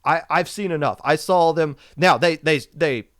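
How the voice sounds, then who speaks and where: A man hosting a podcast, delivering an emphatic, impassioned rant and repeating his points, his voice going hoarse. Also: on the high side, normal speed, a bit bright, no echo, studio quality. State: losing his voice. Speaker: podcast host. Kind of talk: opinionated esports podcast rant.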